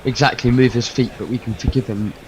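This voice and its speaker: A man's voice: medium pitch, fairly even intonation, quick pace, darkish tone, slight background noise, poor audio. Easygoing male cricket co-commentator. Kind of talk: casual commentary chat.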